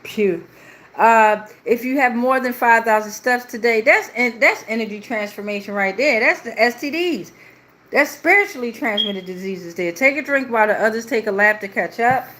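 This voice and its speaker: A woman giving a casual, playful tarot reading on a livestream, slangy and loose with cursing, who slips into a low, steady voice for a protective prayer. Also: moderate pace. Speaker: tarot reader.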